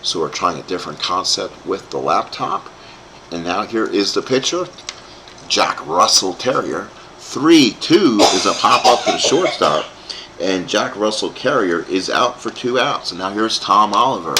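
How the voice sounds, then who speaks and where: Brief: low-voiced man, lively bright play-by-play of a dice baseball game, faint noise behind. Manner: animated, rambling asides to live chat. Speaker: host playing a tabletop baseball game.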